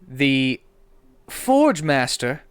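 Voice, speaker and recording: A man narrating as game master of a comedic tabletop game, playful and animated. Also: medium pitch, drawn-out words, clean tone, no echo.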